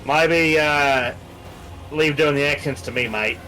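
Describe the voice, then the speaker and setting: Brief: male gamer, higher-pitched voice, dry teasing banter, game music clearly audible. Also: slow, sharp tone. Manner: wry, teasing, reads out item names. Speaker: co-op game partner on a stream. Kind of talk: casual gaming banter.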